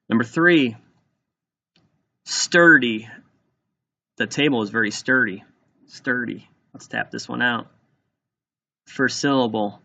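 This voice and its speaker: A man teaching, dictating a spelling test and slowly sounding words out letter by letter. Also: medium pitch, bright, forceful tone, highs cut off.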